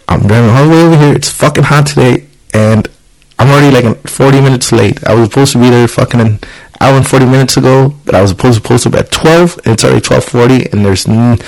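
Young male podcast co-host, gravelly, dry close sound, swears freely, animated storyteller. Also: mid-range voice, no room sound, poor audio. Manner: profane, animated storyteller acting out quotes. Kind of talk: casual chat.

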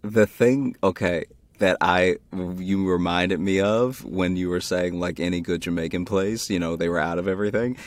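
A young man co-hosting a casual comedic chat, talking in quick, excitable bursts. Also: low-pitched, no room sound. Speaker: co-host.

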